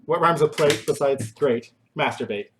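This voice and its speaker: Goofy, rambling man host, higher voice. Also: normal speed, fairly bright tone, a little hiss or hum. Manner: goofy, rambling, self-mocking. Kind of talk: casual live-stream chat with joke singing. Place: home kitchen.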